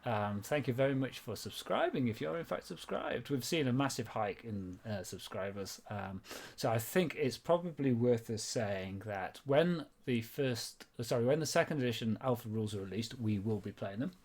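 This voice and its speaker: A man's voice: medium pitch, expressive, normal speed, few pauses, a little mellow. A man running a tabletop game, chatting and recapping in a rambling, hesitant way and laughing often. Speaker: game master. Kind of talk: casual chat and game recap.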